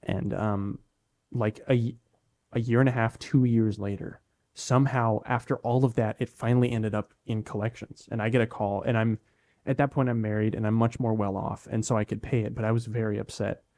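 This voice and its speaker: A young man co-hosting a podcast, telling a story in relaxed, self-deprecating casual chat. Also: lowish voice, fairly quick. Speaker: podcast co-host.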